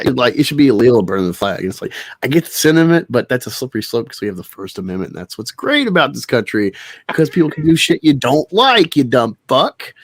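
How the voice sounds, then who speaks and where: A man's voice: on the low side, no echo, clean studio sound. Blunt, crude man ranting on a podcast. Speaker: podcast host. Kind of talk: casual chat.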